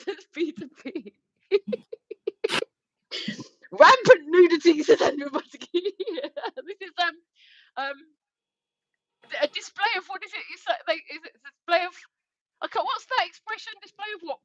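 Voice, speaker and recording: Giggly high-voiced woman. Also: expressive, moderate pace, long pauses, dry recording. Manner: giggly, reads viewer comments aloud. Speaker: livestream co-host. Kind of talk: casual livestream chat. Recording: dull lo-fi livestream audio.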